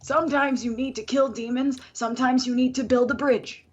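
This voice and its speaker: Podcast co-host: a slightly high-voiced woman, blunt and wry, on a muffled mic. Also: steady tone, moderate pace. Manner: blunt, swears freely, wry self-deprecating humor. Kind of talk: casual chat.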